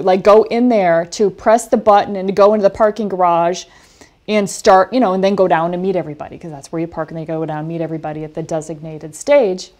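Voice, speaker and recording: A woman coaching a film class over a video call, telling stories in an animated way with lively asides. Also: medium pitch. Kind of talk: online class talk.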